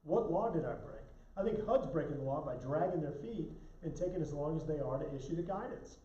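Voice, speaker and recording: A man answers viewer questions on a live stream, blunt and emphatic, tripping over his restarts as he pushes his point. His voice sits a little high for a man but sounds mellow and dark. The sound is roomy and slightly dull. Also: animated, brisk. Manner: blunt, emphatic, self-correcting.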